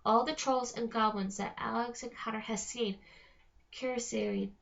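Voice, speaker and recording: A woman reading a novel aloud in a steady storytelling manner, slowing on key phrases. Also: fairly high pitch, vocal fry. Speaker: reader. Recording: dull lo-fi recording.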